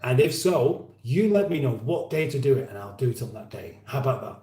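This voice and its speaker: This livestream host from England talks a little fast in an animated, warm, medium-pitched voice. He rambles through viewer comments with a dry sense of humour, and there's a roomy echo around him.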